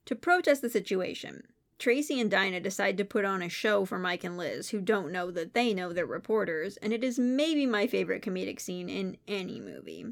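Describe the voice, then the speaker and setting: Woman with vocal fry narrating a review. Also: mid-range voice, big pitch swings, a little fast. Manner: enthusiastic, detailed. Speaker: film reviewer. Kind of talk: scripted narration of a film review.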